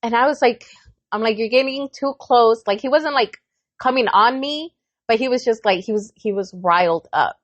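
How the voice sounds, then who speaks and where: A woman's voice: a little high, normal speed, no echo. A woman in her thirties co-hosting a podcast, telling a heated story in casual chat, swearing a lot and acting out the quotes. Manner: animated storytelling, heavy swearing, acts out quotes. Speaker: podcast co-host.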